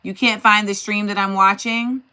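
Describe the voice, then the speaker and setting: A woman's voice: medium pitch, fairly even intonation, normal speed, sharp tone, smooth. A woman hosting a casual livestream, thinking aloud and talking directly to her chat. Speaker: host.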